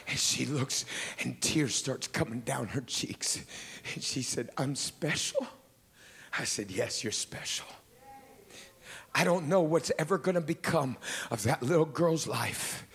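A man preaching a sermon in a church. He tells a story softly, drops to near whispers, then rises to shouting praise and speaks in tongues. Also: mid-range voice, very animated, takes it slowly, vocal fry, big-room sound, slight background noise.

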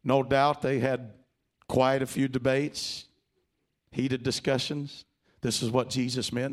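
A man's voice: medium pitch, slow pace. A male preacher delivering a dramatic storytelling sermon, asking the congregation to repeat phrases. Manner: dramatic, animated, calls for congregation responses.

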